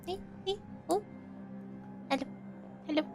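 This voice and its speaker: A woman's voice: very high-pitched, a little slow, over music, voice pushed up. A woman voicing a tiny chirpy robot homunculus in a tabletop game, speaking in clipped, repetitive mechanical phrases.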